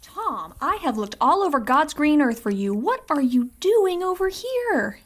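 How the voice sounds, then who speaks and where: A woman's voice: high-pitched, big pitch swings, measured pace. Woman as an exasperated cat owner. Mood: scolding. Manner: scolding, exasperated.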